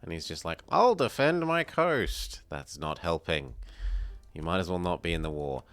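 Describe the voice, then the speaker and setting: Australian man, low voice, smooth and clear, dry close sound, chatty gameplay streamer. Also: fairly even intonation, normal speed, a bit bright, no echo. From South Australia. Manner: chatty, thinks aloud and answers chat. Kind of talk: casual live gameplay commentary.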